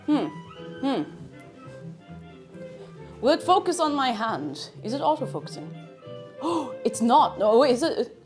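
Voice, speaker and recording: Bubbly high-voiced Irish woman streamer. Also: sing-song, takes it slowly, long pauses, darkish tone, soft background music. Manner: bubbly, chatty, reads out viewer messages. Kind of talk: casual livestream chat.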